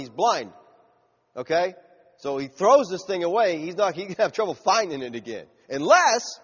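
A man preaching a sermon in a lively, animated way, now and then acting out the shouts of the people in his story. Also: fairly high pitch, slightly rough. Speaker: pastor. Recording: muffled sound with long hall reverb.

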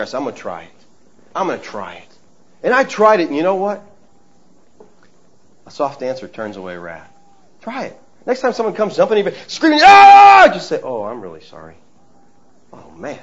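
Middle-aged male preacher, folksy and emphatic, a bit high-voiced, dull lo-fi sound. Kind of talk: sermon. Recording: dull lo-fi recording.

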